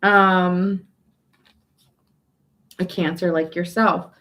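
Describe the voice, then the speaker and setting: A woman's voice: fairly low pitch, fairly even intonation, very slow, fairly bright tone. A woman giving a casual tarot reading, talking in a chatty, emphatic way, restarting and repeating phrases and turning blunt and exasperated. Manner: blunt and exasperated, swears in quoted asides. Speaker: tarot reader.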